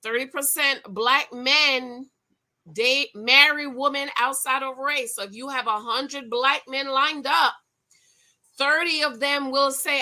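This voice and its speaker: A woman's voice: high-pitched, slow, bright, forceful tone. A middle-aged woman hosting a casual livestream, reading viewer comments and laughing as she talks straight to her viewers.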